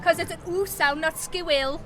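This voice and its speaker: High bright Sunderland woman co-hosting. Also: expressive, a little fast. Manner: teasing, playful. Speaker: podcast co-host. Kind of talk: casual chat.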